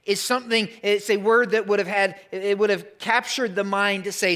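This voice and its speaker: A man's voice: sits high, fairly even intonation, normal speed, few pauses, a bit bright, clean tone. A man preaching a sermon to his congregation in a conversational style, asking rhetorical questions. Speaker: pastor.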